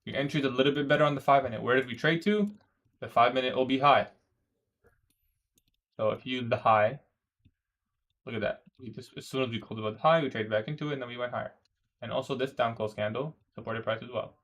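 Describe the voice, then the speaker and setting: Talking fast but leaving long pauses, this young male day trader has a mid-range voice with a bit of brightness. On his livestream he casually reads viewer questions aloud and replies laid-back, dropping "bro" often and laughing at the stranger ones.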